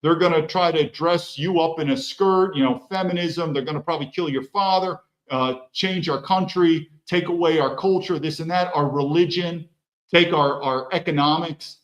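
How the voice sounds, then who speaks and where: A man's voice: a little high, normal speed, roomy sound, highs cut off, close to an everyday voice. A man voicing a grim, resolute fighter father who explains things in a matter-of-fact way.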